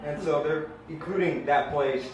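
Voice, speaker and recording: A young man does a loose, filler-heavy open mic stand-up set, mocking himself as he goes. His voice sits a bit high. It comes through a very echoey room, recorded from a distance by a bootleg tape with clear background noise. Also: normal speed, a little mellow. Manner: rambling, self-deprecating, many fillers. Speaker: stand-up comedian. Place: small open mic room, audience laughing.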